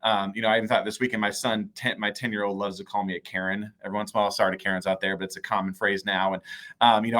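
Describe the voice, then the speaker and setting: Middle-aged guy on a video call, lowish voice but bright, rambly with lots of um and you know. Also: steady tone, rapid-fire. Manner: rambling, hesitant, many fillers. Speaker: mayor. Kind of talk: casual video chat.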